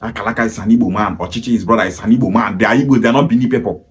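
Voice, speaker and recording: Fast-talking Nigerian man, emphatic. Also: fairly low pitch. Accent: Nigerian Pidgin-inflected English. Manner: emphatic, repetitive, lecturing. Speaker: commentator. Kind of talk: opinion monologue.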